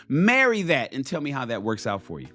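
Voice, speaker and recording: A man with a medium-pitched, sharp-toned voice hosts a talk show, handing out blunt, profane dating advice to other men and repeating key phrases for stress.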